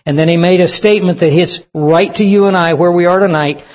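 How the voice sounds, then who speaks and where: A man's voice: sits high, fairly even intonation, fairly quick, a little mellow. A man preaching a sermon to young people, emphatic and asking the audience questions. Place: church service with audience.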